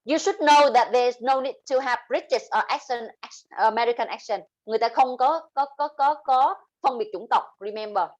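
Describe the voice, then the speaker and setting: A woman with a Vietnamese accent teaching an English speaking class, explaining terms and slowly modeling example sentences. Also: a little high, dull audio. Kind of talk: online class lesson.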